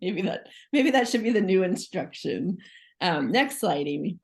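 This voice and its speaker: A woman with a slightly low voice presents casually over a video call, sounding like a school social worker. She talks in a loose, chatty way, full of "like" fillers, and keeps putting questions to her listeners. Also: big pitch swings, normal speed, vocal fry, darkish tone. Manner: chatty, many "like" fillers, asks the audience questions. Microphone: video call microphone.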